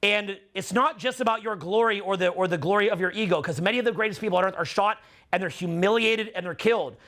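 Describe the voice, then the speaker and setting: A middle-aged man giving an intense, preachy motivational monologue, swearing and slowing down to stress his points. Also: high voice, a bit bright. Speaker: dating and social skills coach.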